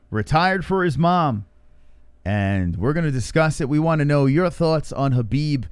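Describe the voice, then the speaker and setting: Animated man hosting a livestream. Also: a little high, unhurried, clear, resonant tone, dry recording. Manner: joking, mocking banter. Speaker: podcast host. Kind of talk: casual livestream chat.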